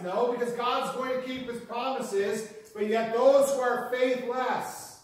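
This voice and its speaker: A pastor preaching a sermon in an earnest teaching manner, repeating key phrases for emphasis. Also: male voice, very high voice, fairly even intonation, unhurried, hardly any pauses. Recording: very echoey hall, mic far off.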